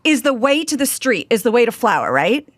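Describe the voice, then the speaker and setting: A woman co-hosting a podcast, telling a story in a lively, chatty way and acting out the people in it. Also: a little high, fairly quick, a crowd in the background. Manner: animated storyteller, quotes people in lively voices. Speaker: podcast co-host. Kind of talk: casual storytelling chat.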